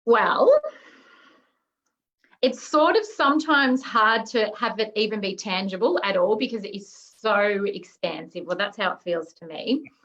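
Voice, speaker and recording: A woman's voice: medium pitch, expressive, unhurried, fairly bright tone, muffled recording. A woman guest in an interview, answering casually and searching for her words. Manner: searching for words, uses fillers.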